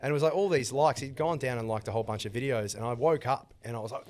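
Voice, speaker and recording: A man, a guest impressionist chatting casually and telling animated stories. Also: mid-range voice, fast. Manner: animated storytelling, slips into voices. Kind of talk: casual podcast chat.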